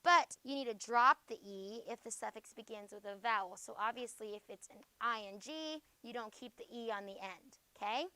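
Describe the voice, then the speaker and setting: A woman's voice: fairly high pitch, moderate pace, few pauses, sharp tone, smooth, dry recording. A woman teacher giving a spelling lesson to a class, checking in with "okay?" after nearly every phrase.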